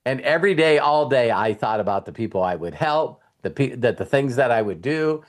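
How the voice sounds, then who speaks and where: A middle-aged man speaks in the loose, personal way of a motivational coach. He recounts his own past and voices what he said back then, with restarts and asides to his listeners. His pitch sits in an ordinary middle range for a man. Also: lively intonation, a little fast. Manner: storytelling, acts out his younger self in quotes. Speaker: host and life coach. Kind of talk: casual motivational talk.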